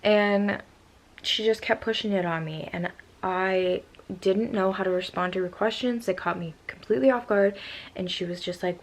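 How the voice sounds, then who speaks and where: Speaking at a moderate pace and medium pitch, a young woman in her twenties rambles through a casual storytime vlog. She's upset after crying and leans heavily on "like" as a filler.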